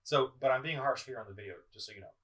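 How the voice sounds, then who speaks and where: A man's voice: medium pitch, racing, a bit bright. A middle-aged man ranting in a video commentary. He talks in an accusing, heated way and often stumbles, restarts and repeats himself. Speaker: political vlogger. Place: indoors at home, in front of a screen. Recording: voice somewhat far from the mic.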